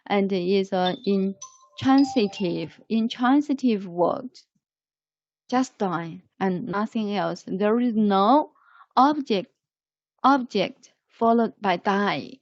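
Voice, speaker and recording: Woman, English teacher, online class, slow deliberate explaining, repeats words, dry muffled audio. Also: mid-range voice, no echo. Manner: slow, repetitive, explains word by word.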